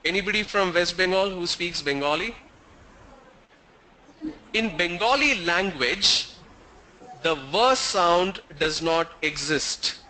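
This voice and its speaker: A man with an Indian English accent lectures to a class in a high-pitched voice. His tone is bright and clear, and he explains carefully, repeating points and asking his students questions. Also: lively intonation, slow pace, long pauses, a little hiss or hum, rough recording. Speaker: teacher.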